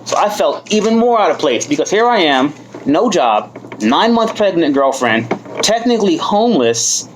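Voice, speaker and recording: A man's voice: on the high side, very animated, normal speed, a little hiss or hum, low-quality recording. A man in his thirties from the United States, giving a candid personal testimony at a recovery meeting. He mocks himself and swears freely. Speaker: speaker sharing his story at a recovery meeting.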